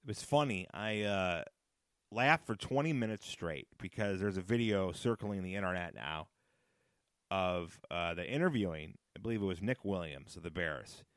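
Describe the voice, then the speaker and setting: A man's voice: sits low, lively intonation, normal speed, dry recording, studio quality. A man hosting a casual solo podcast, chatty and rambling, often laughing at his own jokes and repeating phrases for emphasis. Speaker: podcast host.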